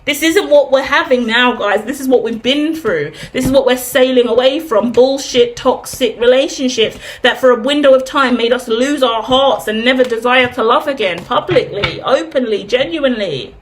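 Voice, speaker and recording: A woman's voice: on the high side, normal speed, hardly any pauses, slight background noise. A woman in her thirties giving a candid, chatty tarot reading, asking herself rhetorical questions and swearing freely. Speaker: tarot reader. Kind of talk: casual tarot reading monologue.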